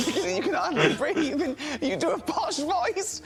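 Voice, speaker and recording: Brief: man, animated pitch, teasing, quick to laugh. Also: over loud music. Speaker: co-host. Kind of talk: casual chat.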